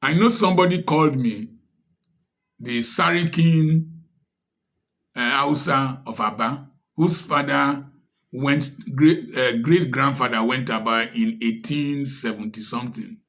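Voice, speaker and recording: Speaking straight to the camera, a man with a Nigerian English accent delivers impassioned social commentary. His medium-pitched voice is a bit bright and measured in pace as he fires off rhetorical questions in a preachy tone.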